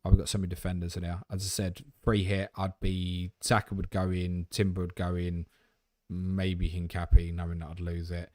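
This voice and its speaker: Casting: male stream host, lowish voice, dry close sound, blunt and jokey, swears freely. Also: completely flat delivery, moderate pace, dark tone, dry recording. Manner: blunt, swearing, matey banter. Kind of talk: live Q&A stream.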